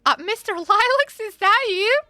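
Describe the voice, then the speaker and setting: Woman doing a sweet young saloon barmaid, courteous, lively pitch, bright tone, dry close sound. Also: normal speed, no room sound, faint music behind, heavily acted. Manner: sweet, courteous, flustered apologies. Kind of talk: in-character roleplay.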